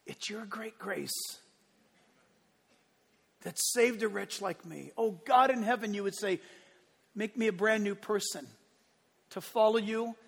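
High-voiced preacher in a reverberant hall. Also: male voice, normal speed, vocal fry, a bit bright. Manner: storytelling, acts out voices, builds to impassioned climax. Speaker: pastor. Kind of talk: sermon.

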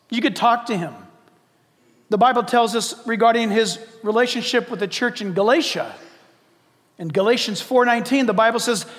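A man preaching a sermon as pastor, in a lively conversational way with acted asides. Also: extremely high pitch, big-room sound.

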